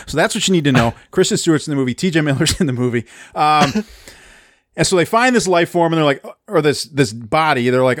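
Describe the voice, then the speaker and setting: A man's voice: on the high side, lively intonation, a little fast, no room sound, studio quality. A man casually recapping a movie plot on a podcast, rambling, self-deprecating and laughing often. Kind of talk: casual chat.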